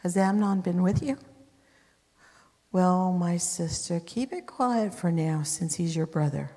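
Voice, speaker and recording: A woman preacher voicing a prince calmly hushing his sister, in a reverberant hall. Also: on the low side, measured pace, breathy edge. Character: older brother prince, calm and hushing.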